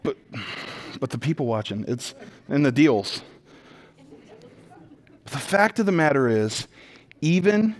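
A man preaching a sermon as a pastor, animated and emphatic, moving between loud declarations, quiet intensity and humorous storytelling. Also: fairly high pitch, slow pace, pauses often. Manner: conversational storytelling with self-deprecating humor.

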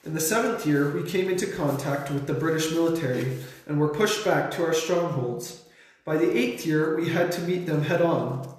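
A young man earnestly reading his own short story aloud, lifting his voice sharply for shouted lines. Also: on the high side, normal speed. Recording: very echoey room.

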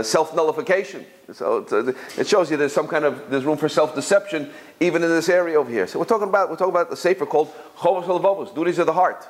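A Torah teacher delivers an informal religious lesson built around stories, often repeating words while he searches for how to put things. When quoting others, his voice jumps higher.

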